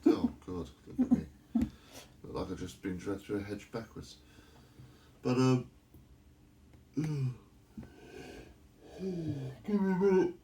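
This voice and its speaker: A man's voice: mid-range voice, big pitch swings, slow, creaky, pauses often, warm tone, a little hiss or hum. A man casually recounting an anecdote in a home living room, animatedly acting out the voices of the people he quotes. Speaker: vlogger.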